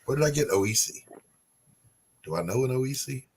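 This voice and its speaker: A man's voice: mid-range voice, lively intonation, normal speed, a little mellow, husky. A middle-aged man hosting a podcast, rambling and self-deprecating as he chats with his guests. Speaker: podcast host. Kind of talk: casual chat.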